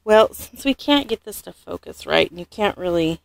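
A woman doing a casual unboxing vlog as a doll collector. She gushes, rambles and corrects herself, and often drops to a soft near-whisper. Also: fairly low pitch, animated, moderate pace, vocal fry, no room sound.

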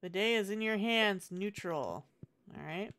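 A woman live-streaming a cozy farming game, chatting to herself and her viewers as she plays. Her voice is smooth and clear, sitting at an ordinary pitch for a woman. She sounds chatty and encouraging. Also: unhurried, fairly bright tone. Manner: chatty, encouraging, self-talk. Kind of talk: casual live-stream chat over gameplay.

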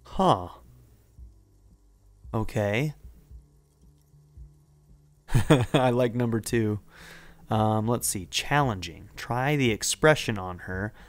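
A man's voice: lowish voice, extremely slow, pauses often, no echo. A man commenting on a game as he plays, chatty and hesitant, reading its text aloud. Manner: chatty, hesitant, often laughing. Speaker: gaming video host.

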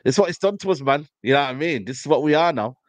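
A man's voice: on the high side, fast talker, no room sound. Slangy man ranting about football. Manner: animated storytelling, slangy, repeats "you know what I mean". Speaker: football podcast panelist. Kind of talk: casual fan banter.

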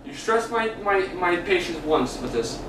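A man talking with his family at home as the father, lecturing in a stern, quick way. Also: sits high, big pitch swings. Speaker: father, husband. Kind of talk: casual family talk. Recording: home video with loud background noise.

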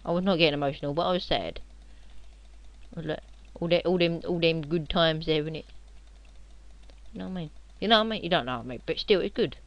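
A young man, rambling and joking as he narrates his own computer game, now and then shouting at enemies. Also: on the high side, fast, long pauses, dry recording, muffled recording. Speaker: gamer playing on video. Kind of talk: casual game commentary.

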